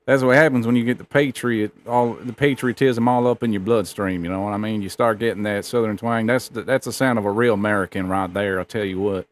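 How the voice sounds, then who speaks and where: Sarcastic man with a low voice. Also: steady tone, a little fast, hardly any pauses. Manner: sarcastic, put-on folksy patriot talk with "brother" and "God dang". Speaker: co-host reacting to clips. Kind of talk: mocking commentary over video clips.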